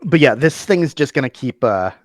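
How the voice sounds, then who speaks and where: A man narrates a tabletop session as game master, easygoing and prone to restarts. His voice sits mid-pitch and sounds dry and close, with no room around it. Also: very animated, no echo. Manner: casual, halting, many fillers.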